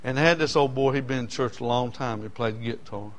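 A man's voice: mid-range voice, a little fast, a little hiss or hum. A man preaching a sermon, telling personal stories in a folksy way and building to emotional peaks.

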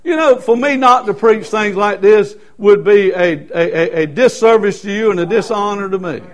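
High-voiced preacher. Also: male voice, moderate pace. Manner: emphatic preaching with repetition and fillers. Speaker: Baptist pastor. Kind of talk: sermon.

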